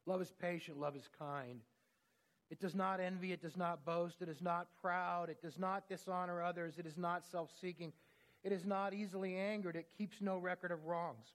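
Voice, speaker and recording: A man's voice: high-pitched, fairly even intonation, moderate pace. A man preaching a sermon, telling stories in an earnest, conversational way.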